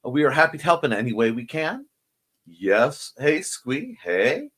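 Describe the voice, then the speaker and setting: A man's voice: mid-range voice, big pitch swings, normal speed, fairly bright tone. A man hosting a casual morning livestream, drowsy and yawning, rambling and joking as he greets viewers and reads their comments. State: sleepy, yawning. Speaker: host of a morning livestream show. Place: home room by a window.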